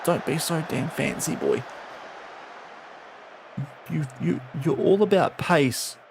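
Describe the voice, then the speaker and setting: Exasperated male streamer with gravelly voice. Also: on the high side, slow pace, background noise. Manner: exasperated, scolds his virtual players aloud. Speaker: game streamer. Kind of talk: casual live-stream commentary.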